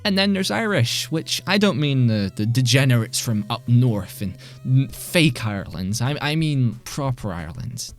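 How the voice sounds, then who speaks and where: A man's voice: mid-range voice, sing-song, moderate pace, hardly any pauses, faint music behind. Rambling sweary British man. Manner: rambling, sweary, self-deprecating. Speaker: gaming channel host. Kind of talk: casual rambling monologue. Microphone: desk microphone.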